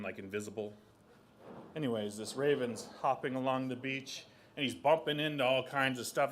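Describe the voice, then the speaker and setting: Male storyteller, young adult, from southeast Alaska, animated, throws in sound effects. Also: medium pitch, a little hiss or hum. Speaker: storyteller and artist. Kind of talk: oral storytelling.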